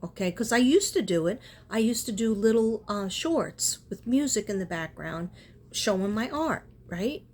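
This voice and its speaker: A woman's voice: medium pitch, lively intonation, unhurried, darkish tone. A woman chatting casually in a spiritual vlog, rambling and earnest, often breaking off and restarting. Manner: rambling, self-interrupting, earnest. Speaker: spiritual artist and vlogger.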